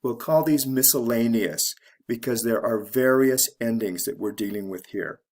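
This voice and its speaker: A man teaching English pronunciation, explaining word stress slowly and deliberately and spelling out letters one by one. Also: mid-range voice, darkish tone. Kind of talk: slow instructional explanation.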